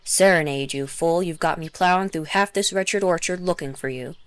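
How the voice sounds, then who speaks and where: A woman voicing a huge, gruff male soldier who grumbles and barks orders. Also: a little high, moderate pace, dry recording, natural voice.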